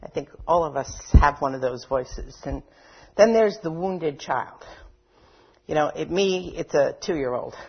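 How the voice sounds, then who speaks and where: A woman's voice: low-pitched, expressive, unhurried, breathy edge, dull audio. A woman giving a conversational talk to a live audience, often saying 'you know' and acting out inner voices. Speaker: workshop speaker.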